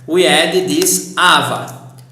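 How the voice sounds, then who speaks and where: A man's voice: a little high, takes it slowly, pushed and bright. A man with a Brazilian accent, a native Portuguese speaker, giving an online language lesson and patiently spelling out each verb form. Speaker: Portuguese teacher. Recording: roomy echo.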